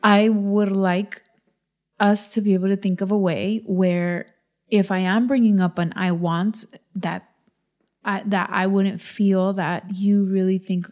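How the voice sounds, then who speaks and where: Earnest woman in her thirties, mellow voice. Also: medium pitch. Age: 30s. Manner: earnest, pressing her point with quoted asides. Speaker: podcast co-host. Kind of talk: candid couple conversation.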